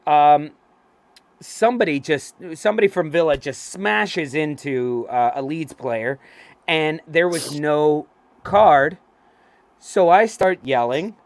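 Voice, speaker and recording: An excitable man co-hosting a casual chat show, spinning stories full of swearing and acted-out quotes. His voice sits a little high, and the sound is dry and close with no room echo. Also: takes it slowly. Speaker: co-host. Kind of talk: casual chat, animated storytelling.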